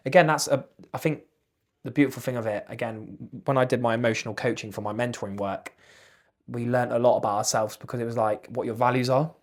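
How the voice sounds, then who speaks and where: A young man in his twenties talks as a podcast guest, loose and jokey. He chats casually, swears freely and keeps things animated. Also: mid-range voice, fast. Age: 20s. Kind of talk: casual chat.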